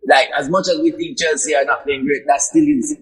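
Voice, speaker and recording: Husky-voiced man on a distant call. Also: fairly high pitch, fairly even intonation. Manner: halting, repeats words, measured. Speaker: remote co-host. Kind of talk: casual football chat. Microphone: video call.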